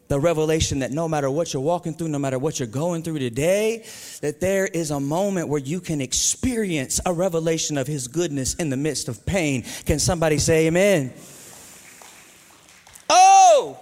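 High-voiced energetic preacher in a reverberant hall. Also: male voice. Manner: energetic, call-and-response preaching with southern slang. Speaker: pastor. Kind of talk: sermon. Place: church sanctuary. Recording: live church hall with long reverb.

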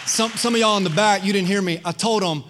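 A man's voice: high voice, fast, noisy background. A man preaching a sermon as pastor, telling stories with energy and calling out to the congregation. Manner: preaching with crowd call-outs; animated storytelling.

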